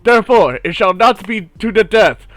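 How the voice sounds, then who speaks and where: A man's voice: high voice, expressive, moderate pace, a bit bright, no room sound, faint music behind, pitched above the performer's own voice. A man voicing a pompous robed battle referee who makes grandiose proclamations in a tabletop game.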